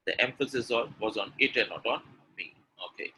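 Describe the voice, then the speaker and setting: A man's voice: mid-range voice, very animated, moderate pace, pushed and bright, slight background noise, poor audio. A man from India, teaching pronunciation in a live online webinar, stressing words emphatically and constantly calling on his audience to respond. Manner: emphatic, drills stress with repeated example sentences; keeps prompting the audience with "Hello?" and questions. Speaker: English pronunciation trainer.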